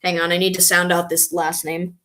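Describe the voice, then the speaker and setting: A woman chatting casually on a live stream, reading viewer comments and reacting with excitable, frequent laughter. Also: on the low side, a little fast.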